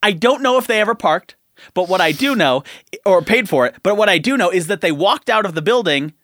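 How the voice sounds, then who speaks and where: A young man telling a story in casual podcast chat, getting loud and heated as he acts out the scene. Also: high-pitched, fairly quick, no echo. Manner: animated, gets loud and heated acting out his story.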